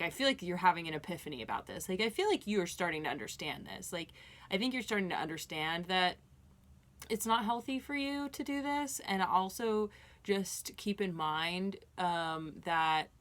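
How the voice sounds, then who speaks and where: A woman with a slightly low voice gives a casual tarot reading. She talks straight to her listener in an earnest, reassuring way. Her sentences loop back and restart, full of fillers. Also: animated, moderate pace, a bit bright. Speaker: tarot reader.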